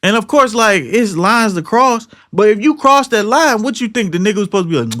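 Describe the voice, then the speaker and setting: A man's voice: sits high, lively intonation, normal speed, few pauses, fairly bright tone. A young man co-hosting a podcast, ranting in a heated, profane, slangy and rambling way. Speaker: podcast co-host. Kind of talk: casual podcast rant.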